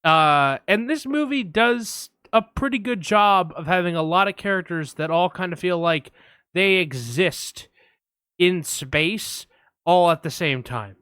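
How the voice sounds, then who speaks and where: Guy chatting movies on a podcast, bright voice, slightly high for a man, acts out quotes, dry sound. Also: a little slow, clean tone, dry recording. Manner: animated storyteller, swears a lot, acts out quotes. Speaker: podcast co-host. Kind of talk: casual movie podcast chat.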